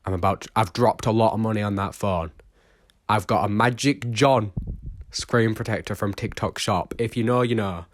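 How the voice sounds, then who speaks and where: A man's voice: fairly low pitch, no room sound, clean studio sound. Chatty young man, phone mic. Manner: rambling, self-mocking, chatty. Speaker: vlogger. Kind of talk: casual chat to camera. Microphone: old smartphone used as microphone.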